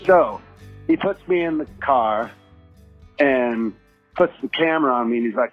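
A man tells a story in a loose, conversational way, and his pitch jumps around as he acts out the cop's lines. His voice has a slight husk to it. The audio sounds a bit dull, with faint music playing underneath. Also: animated, measured pace. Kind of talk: casual anecdote telling.

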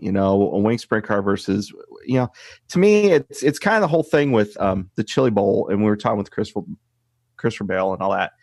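A man's voice: mid-range voice, a little mellow, no room sound, studio quality. Rambling man in casual chat. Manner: rambling, full of fillers. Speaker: podcast co-host.

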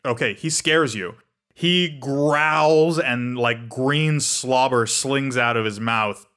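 A man's voice: medium pitch, pushed and bright. A man running a tabletop game as game master, narrating playfully over background music. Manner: playful, doing quick character voices.

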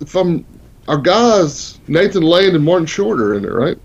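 Podcast co-host, man, gravelly fry, easygoing and agreeable. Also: high-pitched, very animated, unhurried, dull audio. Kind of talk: casual TV review chat.

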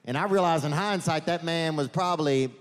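A man doing a stand-up comedy set at a live venue. He rambles through the story, corrects himself often and drops deadpan asides. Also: fairly high pitch, fairly quick, a little hiss or hum.

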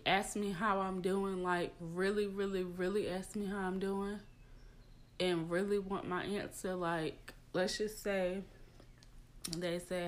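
A woman's voice: on the low side, steady tone, takes it slowly. A young adult woman hosting a personal podcast, talking in a confiding, emotional way with many fillers. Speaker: podcast host. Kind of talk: casual personal podcast talk.

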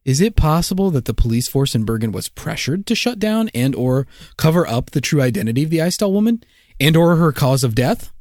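A man's voice: on the high side, fairly quick, no room sound, clean studio sound. A man co-hosting a casual podcast, telling a mystery with jokes between the facts. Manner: jokey, lively storytelling. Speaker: podcast co-host. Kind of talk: casual joking podcast chat.

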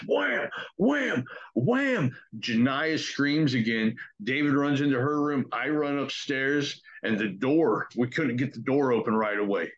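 A young man tells a ghost story in a relaxed, profane, conversational way, jumping into the voices of his friends as he goes. His pitch sits in the middle range. The recording sounds dull and lo-fi. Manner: profane, conversational, acts out quotes. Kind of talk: casual spoken ghost story.

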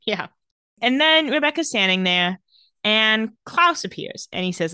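A woman co-host with a fairly high, sharp yet smooth voice and lively intonation chats casually on a podcast. She recaps a TV episode's scenes quickly and offhandedly, joking and laughing. The sound is clean studio quality with no room sound.

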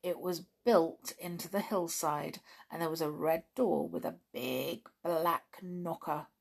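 A woman reading a children's story aloud at a gentle, unhurried pace. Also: sits low, vocal fry, husky.

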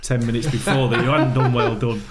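Man, former footballer guest, storytelling, acts out quotes, mid pitch. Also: steady tone, a little fast, noisy background. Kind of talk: casual chat.

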